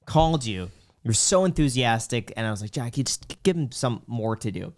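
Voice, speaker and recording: A man's voice: medium pitch, lively intonation, brisk. A podcast host telling a joking story in casual chat with his guest.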